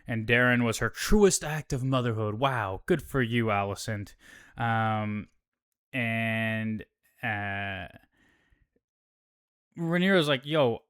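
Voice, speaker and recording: A man's voice: lowish voice, expressive, takes it slowly, long pauses, fairly bright tone, smooth. A man hosting a casual show recap, talking in a laid-back, profane way with lots of fillers.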